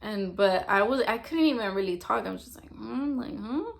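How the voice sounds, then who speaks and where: A young woman shares a personal testimony in loose, casual storytelling, leaning on "like" at every turn. Her voice sits at a middle pitch and carries a steady gravelly fry. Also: fast talker. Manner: rambling, heavy use of "like" fillers. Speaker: testimony speaker.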